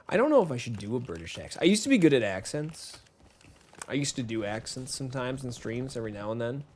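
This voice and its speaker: A gaming streamer with a mid-range voice plays a shooter live, and slight background noise is audible. He keeps up loose, friendly chat while playing, wandering from topic to topic and saying hello to viewers by name.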